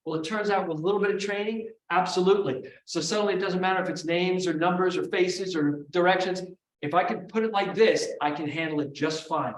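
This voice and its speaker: A man teaching a memory technique at a live seminar, energetic, quizzing the audience in call-and-response. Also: high-pitched, brisk, hardly any pauses, a little hiss or hum. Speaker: memory trainer. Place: large room before a live audience. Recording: echoey room, voice from far off.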